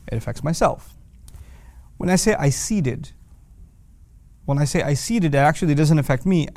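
A man's voice: mid-range voice, darkish tone, no echo. A man hosting a casual lesson on the Quran, explaining grammar patiently with everyday examples and rising emphasis. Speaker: Quran teacher.

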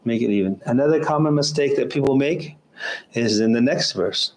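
A man teaching pronunciation patiently, repeating each sound over and over and slowing down to chant the examples. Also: medium pitch. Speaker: Quran recitation teacher. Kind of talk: pronunciation lesson.

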